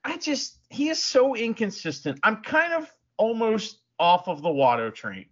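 A man's voice: high voice, big pitch swings, a little slow, a bit bright. A man co-hosting a casual wrestling podcast, talking animatedly and laughing often. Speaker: podcast co-host. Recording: muffled lo-fi podcast audio.

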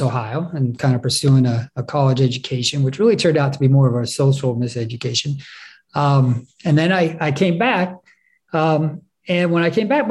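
A man telling a personal story on stage in a reflective, halting way, often restarting his sentences. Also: on the high side, darkish tone. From England.

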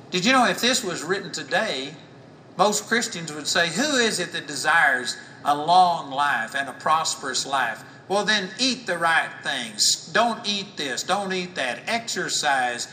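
A man teaching a sermon, reading scripture slowly and solemnly between plain explanations. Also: fairly high pitch, sharp tone, distant mic, slight background noise, low-quality recording. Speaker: Bible teacher.

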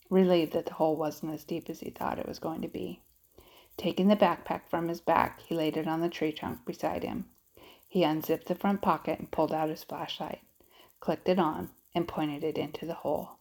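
A woman narrating a children's audiobook in a steady, expressive storytelling manner. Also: low voice, normal speed, low-quality recording.

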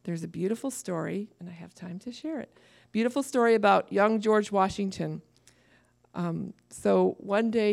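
A woman preaching a sermon to a church, lively and laughing at her own asides. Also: mid-range voice, moderate pace, vocal fry.

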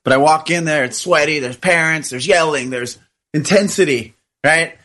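A man co-hosting a casual talk show, telling an animated story and acting out the people in it. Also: on the high side, normal speed. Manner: animated storyteller, acts out voices in quotes. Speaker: podcast co-host.

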